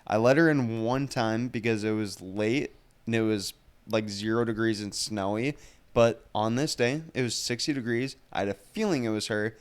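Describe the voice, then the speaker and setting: A young man co-hosting a podcast, telling a story in a casual, animated way, swearing and laughing as he goes. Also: on the low side, normal speed, clear, resonant tone. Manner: animated, profane, laughs through stories. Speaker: podcast co-host.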